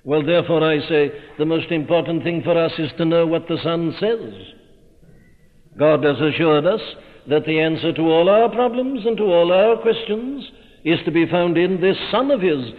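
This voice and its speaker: Older-sounding preacher guy, slow and stately, tinny old tape, big echoey church. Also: fairly high pitch. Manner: slow, measured, stately delivery with sudden rises in force. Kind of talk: sermon. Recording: tinny narrow-band recording in a reverberant hall.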